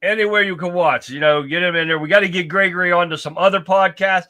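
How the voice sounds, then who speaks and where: Man, 50s, live-stream host, casual shout-outs, bright tone, slightly high pitch. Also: fast talker. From United States. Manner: upbeat, chatty, calls out to viewers. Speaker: livestream podcast host.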